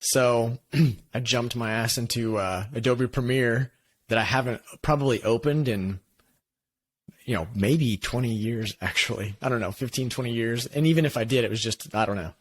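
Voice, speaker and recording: A man co-hosting a design podcast in casual chat, upbeat and quick to laugh, with a slightly nasal tone. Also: mid-range voice. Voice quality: nasally when recorded, by his own account. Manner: upbeat, laughs often, talks in quick bursts. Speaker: podcast co-host.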